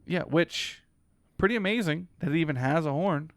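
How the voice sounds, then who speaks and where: A man's voice: on the high side, normal speed, no echo, studio quality. A man co-hosting a podcast, chatting easygoingly about a film and agreeing often with his partner. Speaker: podcast co-host. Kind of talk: casual film breakdown chat.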